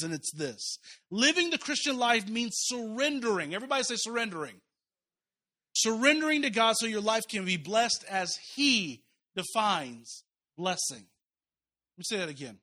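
A man in his thirties preaching a sermon, telling stories and voicing the people in them. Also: high-pitched. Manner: animated preaching with voiced quotes and asides. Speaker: pastor.

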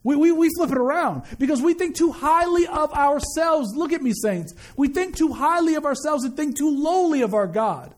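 Man, high voice, preacher, animated conversational sermon with slangy asides. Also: normal speed, few pauses.

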